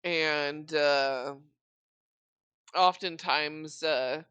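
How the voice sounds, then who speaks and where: A woman running a tabletop game as dungeon master, narrating slowly with many pauses and fillers. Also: low-pitched, fairly bright tone, clear, resonant tone, dry recording, muffled recording.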